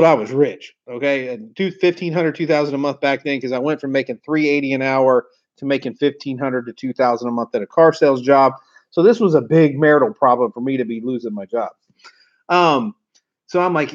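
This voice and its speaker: Speaking fairly quickly in a mid-range voice, this forties-aged car sales trainer spins meandering, profane yarns straight to the camera. His manner is folksy and rambling. The audio has a dull, lo-fi quality.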